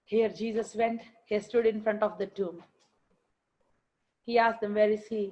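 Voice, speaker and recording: A woman's voice: medium pitch, steady tone, unhurried, a little mellow. A woman preaching a sermon with fervent emphasis, repeating phrases and building to emphatic climaxes. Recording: muffled lo-fi recording.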